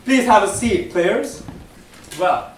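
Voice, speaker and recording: A man's voice: high-pitched, slow. A man hosting a live comedy game show on stage, with playful, teasing crowd work. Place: stage in front of a live audience. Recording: roomy echo, far from the mic, audience noise.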